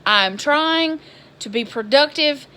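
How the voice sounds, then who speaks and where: A woman, telling a story in an exasperated, animated vlog style. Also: high voice, slow. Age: 20s. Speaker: vlogger.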